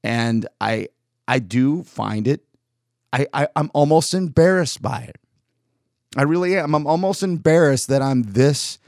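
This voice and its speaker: A man talks through a solo podcast in a loose, rambling way, often restarting his sentences. His mid-range voice sounds a little worn from weeks of yelling. The recording is dry and close, with no room echo. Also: medium pitch. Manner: rambling and candid, with frequent restarts. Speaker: podcast host. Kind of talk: solo casual podcast monologue.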